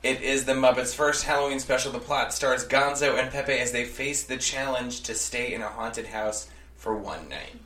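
A man's voice: mid-range voice, normal speed, pushed and bright. A man co-hosting a podcast, sharing a mic and reading a blurb aloud in a dry way. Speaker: podcast co-host. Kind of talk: casual chat. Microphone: sharing a mic, off-axis. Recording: roomy, distant from the mic, faint noise.

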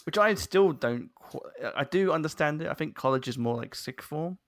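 A podcast host from London, England, with an English accent, chats through a casual interview in a self-deprecating way. His fairly high voice is expressive at a normal speed, recorded in clean studio sound with no echo.

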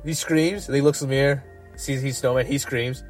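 Animated Canadian man, casual podcast co-host who laughs often, faint music under his voice. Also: mid-range voice, a little fast. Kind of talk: casual chat.

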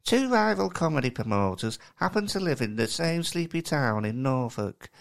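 Brief: man mimicking a slow, mock-formal West Country man, pitch pushed up, accent sliding northern, lively swings. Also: creaky. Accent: attempted West Country, drifting northern. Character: his West Country co-host, a middle-aged man.

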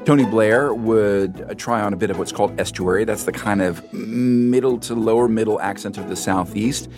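An American man answering interview questions as a guest expert, in a measured, explanatory way with small self-corrections. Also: fairly low pitch, over music. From United States.

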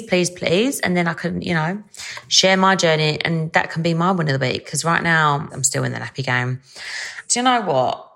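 A woman's voice: on the low side, gravelly, a bit bright. A young woman hosting a casual solo podcast, chatty and bubbly, with lots of fillers. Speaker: podcast host.

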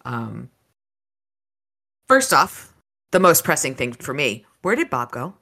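A low-voiced woman co-hosting a casual book podcast. She talks eagerly and rambles through her thoughts, often with a laugh. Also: sing-song, slow, creaky, sharp tone. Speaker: podcast co-host.

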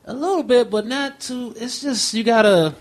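A man's voice: very high-pitched, moderate pace. An American man chatting as a guest comedian on a live show, laid-back and blunt with dry humor. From United States. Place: bar stage before a live audience.

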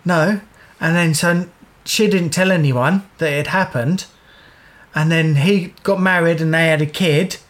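Slow-talking man, blunt and sweary. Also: on the high side, steady tone, a bit bright. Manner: blunt reactions with frequent swearing. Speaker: podcast co-host. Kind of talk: casual chat.

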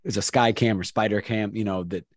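A man's voice: fairly low pitch, fairly even intonation, brisk, no echo. A man, a sports play-by-play announcer, talking in a casual podcast chat, earnest and rambling, often restarting his sentences.

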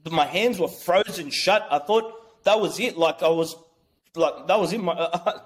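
Guy w a high voice, excitable, rambling, tripping over his words telling a story. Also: measured pace. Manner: excitable, rambling, with many restarts. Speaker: interview guest. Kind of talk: casual storytelling.

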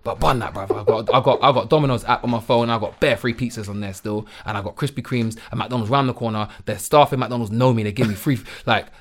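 A man's voice: medium pitch, fast talker, hardly any pauses. A young man, chatting animatedly as a podcast guest and using lots of slang. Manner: animated, slangy, repeats "bruv". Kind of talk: casual chat.

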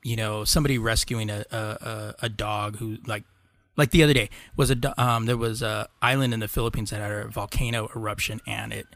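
A man's voice: fairly low pitch, fairly even intonation, a little fast, a bit bright, no echo. A man co-hosting a casual podcast, rambling through stories, swearing casually and laughing often. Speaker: podcast co-host. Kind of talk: casual chat.

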